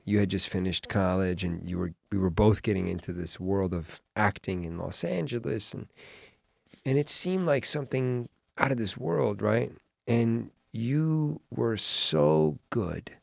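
Gravelly-voiced male podcast host. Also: fairly low pitch, dry recording, clean studio sound. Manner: animated storyteller acting out quotes. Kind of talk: casual chat.

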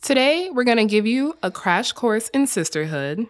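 A woman from the Southern US co-hosting a podcast in casual chat, animated and wry, swearing casually. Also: fairly high pitch, normal speed. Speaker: podcast co-host.

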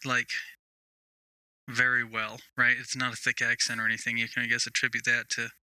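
A man's voice: mid-range voice, completely flat delivery, fairly quick, bright, forceful tone, clear, resonant tone, no room sound, low-quality recording. A man co-hosting a soccer podcast, explaining his views thoughtfully and at length in casual chat. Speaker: podcast co-host.

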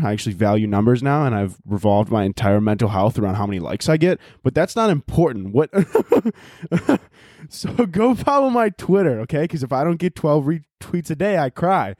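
A man's voice: mid-range voice, mellow, no echo, studio quality. A young man hosting his own podcast, rambling in a profane, self-mocking comic rant. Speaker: podcast host. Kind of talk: solo comedic podcast rant.

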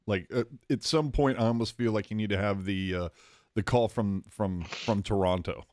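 A man co-hosting a hockey podcast in casual chat, excitable and slangy, calling his co-host "dude". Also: on the low side, normal speed, a little hiss or hum.

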